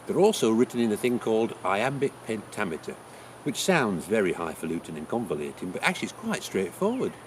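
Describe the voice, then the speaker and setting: An actor with an English accent playing the playwright Shakespeare, chattily teaching how to write a sonnet. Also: male voice, fairly low pitch, background noise. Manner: chatty, explains things with homely examples. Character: William Shakespeare, chatty old male playwright. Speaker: writing teacher. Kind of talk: in-character writing lesson.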